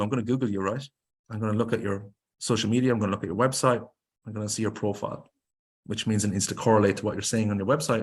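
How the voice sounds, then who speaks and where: Speaking with an Irish accent at a fairly low pitch, a man gives a webinar presentation on grants. He moves briskly and emphatically, firing off one rhetorical question after another.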